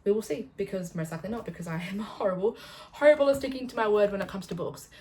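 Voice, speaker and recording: A young woman book vlogger chatting to camera, gushing and excitable, swearing freely and rambling off topic. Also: mid-range voice, quick pace, slight background noise, poor audio. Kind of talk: casual chat to camera.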